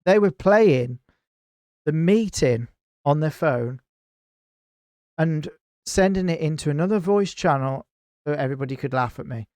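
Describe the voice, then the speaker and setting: A man's voice: fairly high pitch, a little slow, long pauses, no room sound, clean studio sound. A man, a podcast guest telling a heated story in casual chat, swearing a lot and acting out what others said. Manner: animated, heavy swearing, acts out others' lines. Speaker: podcast guest, gaming clan founder.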